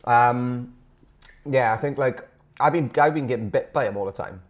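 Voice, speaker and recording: A man co-hosting a casual podcast chat, talking in a loose, halting way with fillers and the odd swear word. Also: mid-range voice. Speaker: podcast co-host.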